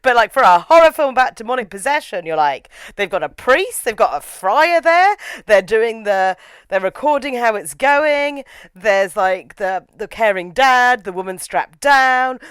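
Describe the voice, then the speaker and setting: A young woman chats animatedly about a film, a touch high in pitch. Her voice is smooth and clear. The recording is dry and close. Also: dry recording. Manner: animated, opinionated, quick asides. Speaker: film reviewer, podcast co-host. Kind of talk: casual chat.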